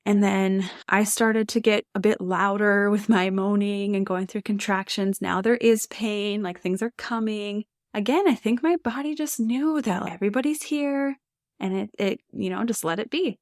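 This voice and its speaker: A woman's voice: medium pitch, normal speed, a little mellow, no room sound, studio quality. A woman in her thirties, a podcast guest, telling her birth stories in a casual, chatty way with frequent laughs and lots of "like" fillers. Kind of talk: casual storytelling.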